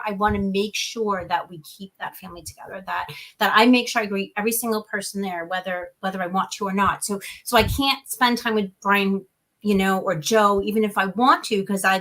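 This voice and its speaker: A woman being interviewed about her nonprofit work, chatting casually and acting out quoted conversations as she tells stories. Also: medium pitch. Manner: animated storytelling, acts out quoted dialogue. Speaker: guest, nonprofit founder.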